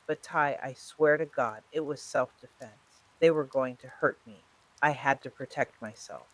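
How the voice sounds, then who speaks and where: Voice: medium pitch, a little slow, fairly bright tone, close to an everyday voice. A narrator reading the lines of a desperate, guarded woman on a phone call in a true-crime story, by turns pleading and defensive.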